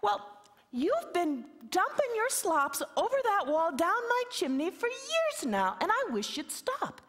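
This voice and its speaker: A woman voicing a tiny wee man who pleads and complains in a high, squeaky voice, in a sermon story. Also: sing-song, unhurried, fairly bright tone, full character voice. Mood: plaintive. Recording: reverberant hall.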